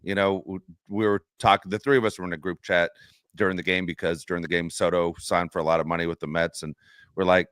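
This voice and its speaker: Lively, low-voiced man on a fan podcast. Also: fast talker, smooth, dry recording, clean studio sound. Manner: animated storyteller, laughs often. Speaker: podcast co-host. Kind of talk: casual sports talk.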